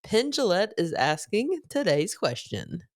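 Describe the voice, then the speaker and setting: Podcast host, woman, deep low voice, dry understated chat. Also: very animated, a little slow. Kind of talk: casual chat.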